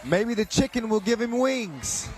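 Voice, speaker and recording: A man giving live, joking commentary on a dunk contest, excitable and chuckling between calls. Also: very high voice, a little slow, soft background music.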